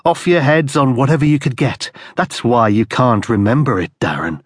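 A man voicing a muffled masked captor who speaks slowly and taunts with controlled anger. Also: medium pitch, slightly rough, no echo, studio quality, natural voice. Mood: cold anger. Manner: slow, measured and taunting.

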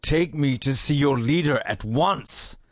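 A man's voice: medium pitch, animated, measured pace, no echo, clean studio sound, pitched above the performer's own voice, natural voice. A man playing a defiant old prisoner. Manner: defiant, commanding. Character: proud imprisoned older nobleman, defiant.

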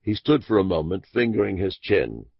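A man narrating an audiobook with deliberate storytelling, on a dull lo-fi recording. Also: deep voice, sing-song, vocal fry, breathy edge, no echo. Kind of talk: scripted narration.

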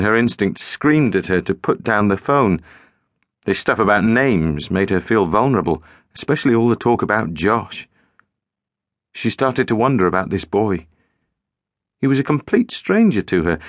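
A man narrating a suspenseful audiobook in a measured storytelling manner, recorded in a studio. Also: on the low side, sing-song, no room sound. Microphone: studio microphone.

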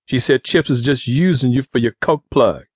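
A man voicing a cocky, scheming teenage street boy who talks quick and pushy. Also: mid-range voice, breathy edge, no echo, clean studio sound, lightly acted. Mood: urgent.

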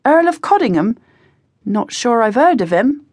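A woman's voice: a little high, very animated, normal speed, a little mellow, breathy edge, no room sound, studio quality, voice pushed up. A woman voicing a wiry young manservant who sounds hesitant and puzzled. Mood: wary. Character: wiry young male servant, wary and sheepish.

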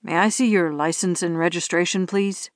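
A woman voicing a tall male police officer, speaking firmly, calmly and patiently. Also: fairly low pitch, no room sound, clean studio sound, pitched below the performer's own voice, natural voice. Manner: firm, measured, patient.

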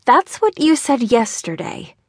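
A woman's voice: on the high side, big pitch swings, measured pace, slightly rough, no room sound, clean studio sound, voice pushed up, heavily acted. A woman voicing a firm mother scolding her son about chores. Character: firm mother calling from indoors.

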